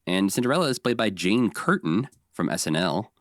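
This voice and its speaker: A man's voice: on the low side, lively intonation, brisk, fairly bright tone, no echo, clean studio sound. A man co-hosting a casual podcast, recapping episodes with energy and briefly slipping into voices for the characters. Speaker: podcast co-host.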